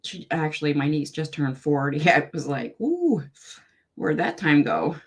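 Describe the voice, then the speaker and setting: Low-voiced frank woman giving readings. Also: moderate pace, vocal fry, breathy edge. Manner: frank, affectionate, direct advice; chatty, asides to viewers. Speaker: tarot reader. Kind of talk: live-stream psychic reading.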